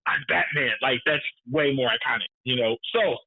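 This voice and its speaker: A man's voice: mid-range voice, moderate pace, gravelly. A man co-hosting a casual movie review podcast, emphatic and swearing freely, repeating his points for effect. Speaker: podcast co-host. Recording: narrow phone-like sound.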